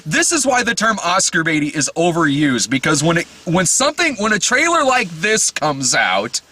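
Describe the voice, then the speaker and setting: Bright, lively-voiced man ranting about trailers. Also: fairly high pitch, moderate pace, slightly rough. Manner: profane, rambling, self-interrupting. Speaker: podcast co-host. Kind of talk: casual movie-trailer chat.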